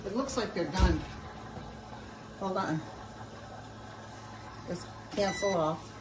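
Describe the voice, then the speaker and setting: A woman's voice: medium pitch, slow pace, noisy background. A woman talking through a recipe in a casual cooking vlog, chatty and folksy and speaking straight to her viewers from her home kitchen. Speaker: home cook showing a recipe. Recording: roomy sound from a distance.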